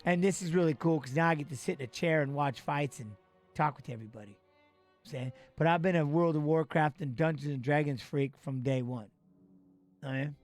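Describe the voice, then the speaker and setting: A man in his forties telling a long story in a casual, animated, profane way, acting out what others said. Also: a little high, fast, soft background music. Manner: animated, profane, acts out quoted voices. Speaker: retired fighter telling a story.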